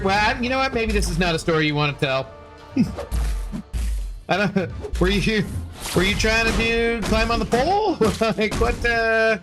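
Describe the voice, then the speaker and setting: Chatty man streamer with faint music. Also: sits high. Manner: rambling, playful, self-correcting. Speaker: livestreamer. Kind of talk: casual stream chat, reading chat aloud.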